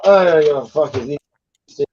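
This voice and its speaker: A man's voice: a little high, moderate pace, highs cut off, noisy background. A man rambling and swearing in a casual group chat.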